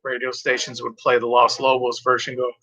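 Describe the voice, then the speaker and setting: A man's voice: medium pitch, completely flat delivery, a little fast, bright, forceful tone, muffled recording, a little hiss or hum. A tired, yawning man rambling casually as he reads out track lists from his cassette tapes. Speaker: music collector reviewing cassette tapes.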